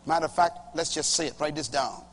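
A man's voice: fairly high pitch, fast, slight background noise. A middle-aged male pastor preaching a sermon emphatically, stretching key words and calling on the congregation to respond. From Bahamas. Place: church hall before a congregation.

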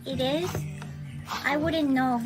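A high, bright synthetic voice of a woman plays an earnest, naive young girl. Music runs clearly underneath the whole time. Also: fairly even intonation, slow pace. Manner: bright, chirpy text-to-speech delivery. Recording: loud background music.

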